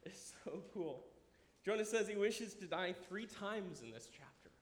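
A man in his thirties preaching a sermon, animated and enthusiastic, dropping at times to a quiet, earnest tone. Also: sits high, measured pace. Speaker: pastor. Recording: echoey room with faint ambience.

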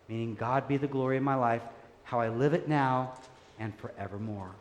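A man preaching a sermon, earnest and animated, telling stories and urging listeners to keep growing. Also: medium pitch, normal speed, slight background noise. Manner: earnest, animated storytelling, laughs easily. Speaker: pastor. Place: church sanctuary. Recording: echoey hall with faint ambience.

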